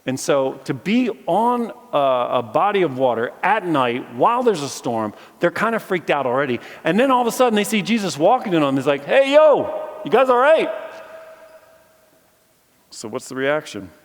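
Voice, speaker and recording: A man preaching a lively sermon, acting out the voices in the story as he tells it. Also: fairly high pitch, brisk, few pauses. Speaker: philosophy teacher giving a chapel message. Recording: echoey hall with long reverb.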